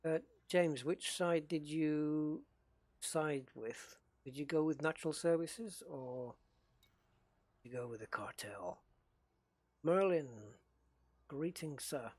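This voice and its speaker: A man's voice: fairly high pitch, slow, pauses often, darkish tone, dry recording. A man chatting casually while streaming a space game, greeting viewers by name and thinking aloud. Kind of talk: casual live-stream chat.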